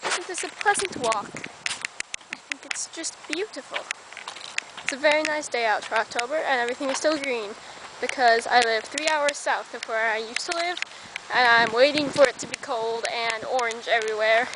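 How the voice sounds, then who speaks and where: Chatty high-voiced young woman outdoors. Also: normal speed. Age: young adult. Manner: chatty, rambling asides while walking. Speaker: college student vlogger. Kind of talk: casual walking vlog. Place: outdoors on a college campus. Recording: noisy outdoor camera audio.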